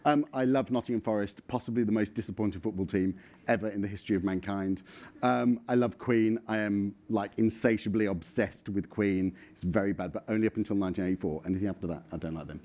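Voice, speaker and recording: A man's voice: lowish voice, a little mellow. Blunt, swearing man in his forties. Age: 40s. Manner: blunt, swearing, rambling with frequent ums. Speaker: conference speaker. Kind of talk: casual, self-deprecating talk.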